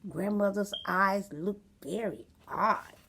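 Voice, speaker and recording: A woman reading a storybook aloud for children, expressive and asking the listener questions. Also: medium pitch, slow pace, gravelly, a little hiss or hum.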